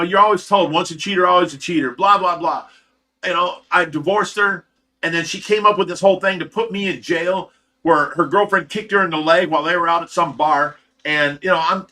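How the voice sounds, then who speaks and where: A man's voice: a little high, pushed and bright. A middle-aged man from Ohio hosting a livestream, telling a long personal story in a candid, rambling way with frequent restarts. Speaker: livestream host.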